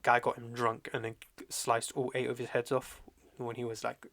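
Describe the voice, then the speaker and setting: A young adult man hosting a podcast, recapping in a slangy, animated way with lots of fillers and restarts. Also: mid-range voice, normal speed. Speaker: podcast host reviewing a manga chapter. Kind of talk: casual chat.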